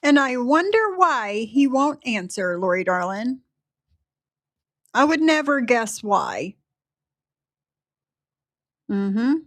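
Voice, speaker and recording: A woman's voice: a little high, very animated, slow pace, long pauses, fairly bright tone, no echo. A woman co-hosting a livestream, reading viewer comments aloud and answering them in a wry, sarcastic tone. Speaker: co-host reading chat. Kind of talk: casual livestream chat.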